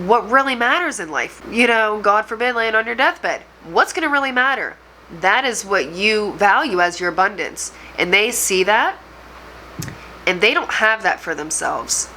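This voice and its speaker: Bright-voiced woman giving a tarot reading. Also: mid-range voice, a little hiss or hum, poor audio. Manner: earnest, reassuring, addresses viewer directly. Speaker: tarot reader and medium.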